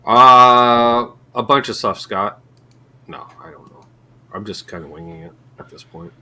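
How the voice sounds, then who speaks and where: Canadian male co-host, bright lively delivery, faint hiss behind. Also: medium pitch, unhurried. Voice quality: joking, rambling. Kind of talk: casual chat.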